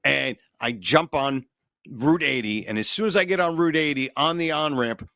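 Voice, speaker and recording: A man co-hosts a comedy podcast and tells stories in loose, profane chat. His voice is bright and forceful, sitting in the middle of a man's range. The sound is close and dry. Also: medium pitch, normal speed, no room sound. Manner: animated, profane anecdote-telling. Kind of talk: casual chat, storytelling.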